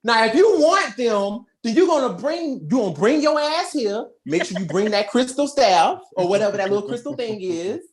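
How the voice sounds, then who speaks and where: A woman's voice: fairly high pitch, expressive, moderate pace, few pauses, reverberant, crowd noise, pitched above the performer's own voice, lightly acted. A woman voicing a sassy villainous space pirate queen, brash and taunting in slangy speech.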